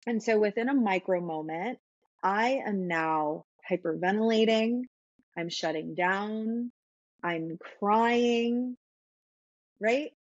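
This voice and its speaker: A woman guest patiently explains trauma and the nervous system in a conversational way, often checking in with a tag "right?". Her medium-pitched voice is slow, and the recording sounds dry and muffled.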